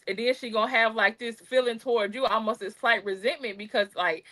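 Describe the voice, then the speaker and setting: Blunt animated woman cohost, higher voice, casual chat, swears a lot. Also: brisk, few pauses. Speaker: podcast co-host.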